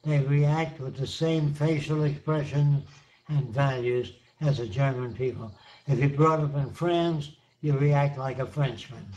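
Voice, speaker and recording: An older man answering questions in an online seminar, explaining his ideas slowly and emphatically, with plenty of examples. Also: mid-range voice, a little mellow, dull audio. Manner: slow, emphatic, repeats points with examples.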